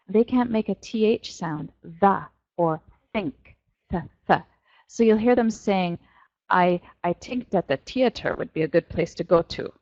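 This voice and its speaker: A woman teaching an online French class to young students, playful and animated as she explains pronunciation. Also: medium pitch, no room sound, lo-fi sound. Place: virtual world classroom.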